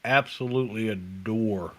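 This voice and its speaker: A man in a casual group chat, making drawn-out, emphatic remarks. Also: on the low side, a bit bright.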